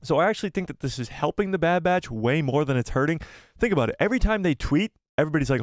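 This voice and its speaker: A man hosting a casual live stream, animated and self-deprecating, who laughs often. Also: fairly high pitch, racing, no room sound, clean studio sound. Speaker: livestream host.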